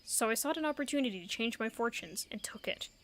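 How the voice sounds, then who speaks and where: A woman's voice: on the high side, expressive, quick pace, a little hiss or hum, natural voice. A woman reading aloud as a greedy, scheming male traitor sailor in dramatic game dialogue. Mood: bitter.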